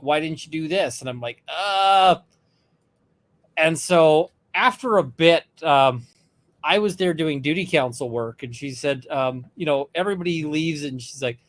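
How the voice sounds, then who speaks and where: Chatty lawyer man telling a story. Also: fairly high pitch. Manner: animated retelling with quoted voices, many fillers. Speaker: lawyer, podcast co-host. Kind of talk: casual chat, storytelling.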